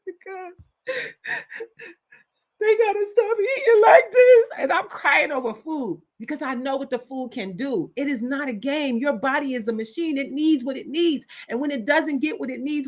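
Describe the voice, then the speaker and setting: A woman gives an impassioned wellness talk, her voice sitting on the high side. She preaches with urgency and hammers her points home through repetition. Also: fairly bright tone. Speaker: wellness speaker.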